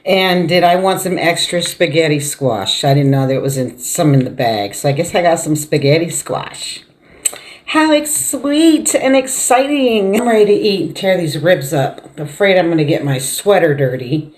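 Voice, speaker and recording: A woman's voice: deep voice, animated, normal speed, few pauses, darkish tone. A middle-aged woman vlogging at home, chatting casually while she eats, laughing often and murmuring between bites. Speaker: mukbang vlogger. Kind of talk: casual chat while eating.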